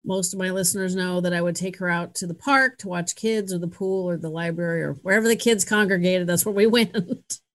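A woman's voice: on the low side, steady tone, brisk, hardly any pauses. A middle-aged woman hosting a podcast, telling a story in a casual, candid and self-mocking way, laughing often. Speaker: podcast host.

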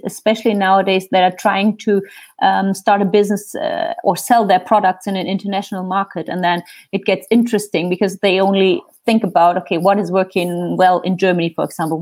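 A woman's voice: mid-range voice, darkish tone. Thoughtful woman answering interview questions. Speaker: interview guest, digital marketer. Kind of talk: casual interview chat.

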